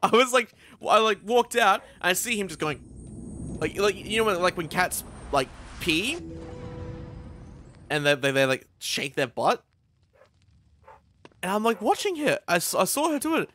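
A man's voice: high-pitched, very animated, normal speed, long pauses, sharp tone, soft background music. A young man streaming a game at home, chatting casually, swearing a lot and laughing often as he rambles through stories.

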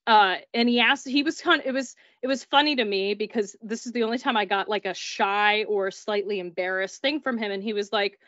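Brisk and with few pauses, a woman chats through her paranormal experiences, saying "like" often and acting out what people said. Her voice is medium-pitched and fairly bright, and the recording is dull and dry, with no room sound.

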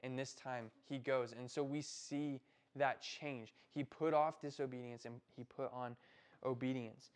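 A man's voice: mid-range voice, steady tone, measured pace. A young American man preaching a casual sermon to middle schoolers, talking in a loose, conversational way and often tagging "right?" onto his points. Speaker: youth pastor.

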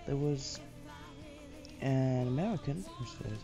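A man hosts a let's play, chatting casually and muttering to himself as he builds, offering relaxed gameplay commentary. His medium-pitched voice is creaky and measured in pace, with music playing in the background.

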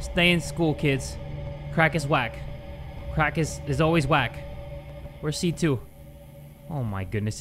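Male gaming host, jokey and animated, lively pitch, game music behind. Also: moderate pace, long pauses. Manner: jokey, animated, talks to viewers. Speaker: gaming YouTuber. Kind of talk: casual horror game commentary. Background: game music and sound effects.

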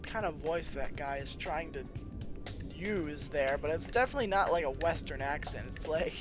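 A man's voice: on the high side, expressive, normal speed, music in the background. A man giving casual, rambling, self-deprecating commentary while playing a video game. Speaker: let's play host.

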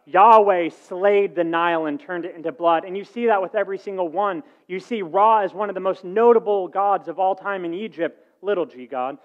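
A man preaching a sermon, telling a story with lively acted-out dialogue and swings in loudness. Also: high-pitched, moderate pace, hardly any pauses, muffled recording. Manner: animated storytelling, acting out dialogue with shifts in volume. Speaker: pastor.

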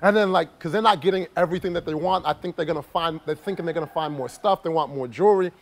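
A man with a fairly high voice talks fast as he tells a personal story to the camera. He's a travel vlogger who rambles, laughs while telling it, and fills his speech with "like".

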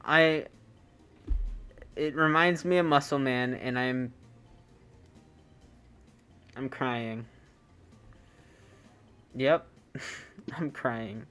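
Slow, joking game streamer. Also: mid-range voice, a bit bright, clean tone. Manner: joking, self-mocking, rambling. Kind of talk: casual live-stream chat.

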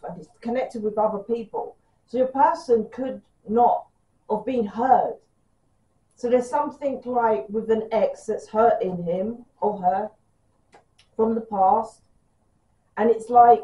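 Woman, british accent, rapid chatty tarot reading, sore throat, mellow higher voice, echoey room off-mic. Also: far from the mic. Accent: British English. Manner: fast, chatty, swears freely. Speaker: tarot reader.

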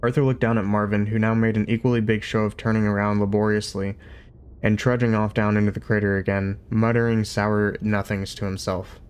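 Male reader, lowish voice, steady unhurried storytelling, amateur audiobook. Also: clear, resonant tone.

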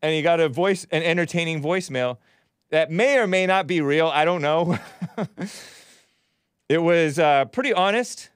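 A man's voice: a little high, moderate pace, pauses often, smooth, no echo, studio quality. A man hosting a live talk show, commenting sardonically and laughing often. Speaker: host.

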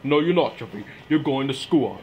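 A man's voice: medium pitch, expressive, moderate pace, darkish tone, muffled recording, slight background noise, lightly acted. A man voicing an exasperated, scolding father in a puppet parody skit. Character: exasperated grown father, easily flustered.

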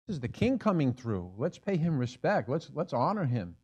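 A pastor voicing an irritated man in a crowd, scolding a beggar to be quiet. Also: on the high side, very animated, normal speed, breathy edge. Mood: exasperated. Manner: scolding, impatient, exasperated. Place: church sanctuary.

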